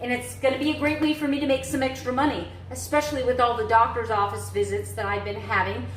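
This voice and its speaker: A woman rambles through a casual day-in-the-life vlog, making friendly asides to her viewers as she unpacks in her kitchen. Her voice sits a little high, and the room around her sounds roomy and echoey. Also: little pitch movement, fast, slight background noise. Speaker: vlogger. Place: home kitchen.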